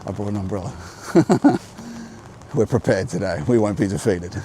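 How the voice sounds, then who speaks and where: Quick-paced and warm, this man's voice sits on the low side as he vlogs on a rainy walk beside a road, holding an umbrella. Speaking with a General Australian accent, he rambles reflectively to viewers while navigating, captured on a handheld camera with slight background noise.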